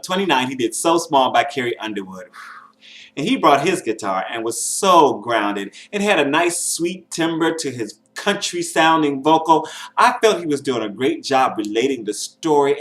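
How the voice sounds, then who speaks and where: A man's voice: a little high, a bit bright, echoey room. A man giving a casual, chatty recap of talent show auditions, with mock-shocked asides. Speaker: show commentator.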